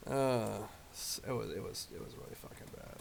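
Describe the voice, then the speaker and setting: A man's voice: fairly low pitch, lively intonation, moderate pace, vocal fry, noisy background. A man telling a rambling, profane story in casual chat as a live streamer.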